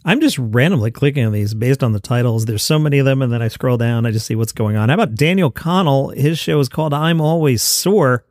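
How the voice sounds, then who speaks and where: A man's voice: mid-range voice, brisk, few pauses, a little mellow, no echo, clean studio sound. A man hosting a podcast news roundup in a casual, wry manner, reading out headlines. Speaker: podcast host.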